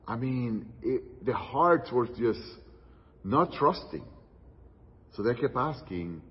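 A man preaching a sermon, telling a story with dramatic pauses and dropping to hushed tones for quoted words. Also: mid-range voice, sing-song, breathy edge. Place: church hall. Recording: distant, muffled church hall recording with long reverb.

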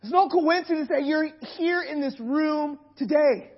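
A hoarse man preaching a sermon to a congregation, impassioned, sinking to a hush and then swelling to near shouts. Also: extremely high pitch, measured pace, hardly any pauses, dull audio. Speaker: pastor. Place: room with a gathered congregation.

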